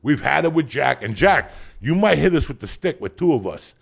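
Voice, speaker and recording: A man telling a profane comic story as a podcast guest, swinging from loud shouting bursts to low muttering. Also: very animated, normal speed. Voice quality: gravelly.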